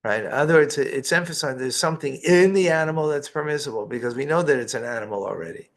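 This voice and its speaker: This man talks fast in a mid-range voice. He's a rabbi leading a line-by-line Torah study: he reads a phrase in Hebrew, then unpacks it in English, tossing in asides and rhetorical questions.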